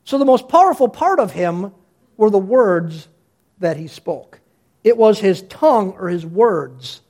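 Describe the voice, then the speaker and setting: A male pastor preaching a sermon in a lively, conversational way, often restarting his sentences. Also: high-pitched.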